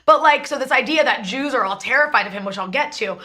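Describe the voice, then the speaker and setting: A woman's voice: a little high, fast talker, bright, forceful tone. A woman hosting a political talk show, delivering emphatic commentary in long run-on stretches. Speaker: show host.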